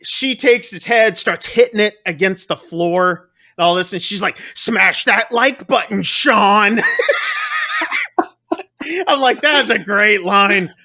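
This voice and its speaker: Guy on a podcast going thru a movie plot, high bright voice, acts out the lines. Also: slow, pauses often. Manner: animated, acts out character lines. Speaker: podcast host. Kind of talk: casual chat recapping a movie.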